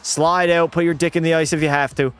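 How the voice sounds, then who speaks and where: A man's voice: fairly high pitch, flat delivery, fairly quick, fairly bright tone, clean tone, faint music behind. A young man streaming a hockey video game, commenting live and talking to his chat while ranting in frustration and swearing at the game. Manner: talks to chat.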